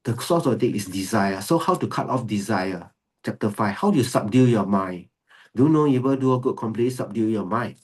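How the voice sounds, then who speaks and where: Husky-voiced male monk teaching. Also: lowish voice, animated, brisk. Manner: mixes English with Mandarin phrases, laughs often; repeats key phrases for emphasis. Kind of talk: dharma teaching talk.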